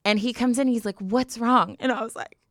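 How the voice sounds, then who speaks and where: A woman's voice: fairly high pitch, steady tone, no echo, studio quality. A young woman co-hosting a podcast, telling stories in casual chat with dramatic, emotional flair. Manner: emotional, dramatic storytelling, quick to laughs and tears. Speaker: podcast co-host.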